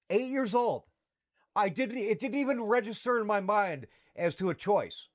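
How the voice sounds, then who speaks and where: A man's voice: high-pitched, lively intonation, moderate pace. A middle-aged man, hosting a talk show and telling a personal story in a candid, rambling way with fillers and restarts. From Canada. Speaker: podcast host.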